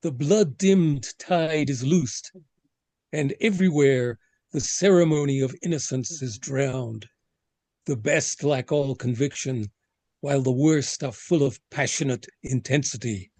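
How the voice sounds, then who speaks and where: A man in a discussion group reading a poem aloud in a slow, deliberate recitation. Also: mid-range voice, mellow, no room sound.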